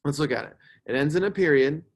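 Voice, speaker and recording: A man's voice: fairly high pitch, fast. Man teaching a patient grammar lesson. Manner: explains patiently, checks in with "right?".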